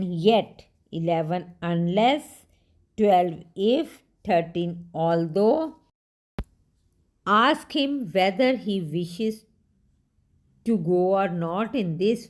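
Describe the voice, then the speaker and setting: A woman teaching a grammar lesson to young children, patient, repeating each sentence and spelling words out. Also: fairly low pitch.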